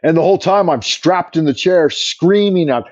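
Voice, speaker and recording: A man's voice: on the high side, animated, normal speed, no room sound. A man hosting a livestream, telling an exaggerated, profane story in a rambling way over a wireless earbud mic. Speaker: livestream host. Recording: dull dry earbud mic sound.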